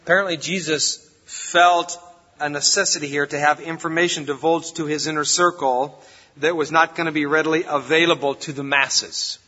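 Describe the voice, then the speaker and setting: Preaching in a church hall, a male pastor talks to his congregation in a chatty, folksy style. His voice is fairly high and sharp, with fairly even intonation and a moderate pace. The audio is reverberant and has a dull, lo-fi quality.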